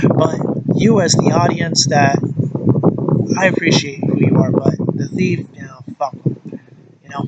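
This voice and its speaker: Rambling, foul-mouthed young man, slightly high voice. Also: highs cut off, heavy background noise. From United States. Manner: profane, angry rant with frequent fillers. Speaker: vlogger. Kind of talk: casual rambling vlog.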